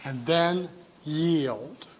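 A man giving a classroom lecture in an animated, joking way, talking straight to his students. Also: on the high side, very slow, slight background noise. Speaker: teacher.

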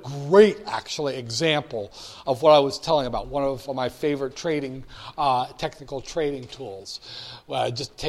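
A man's voice: medium pitch, a little mellow. A man giving a casual, chatty walkthrough of stock charts, with wry asides and frequent restarts. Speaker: stock market commentator. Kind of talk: casual screen-share market walkthrough.

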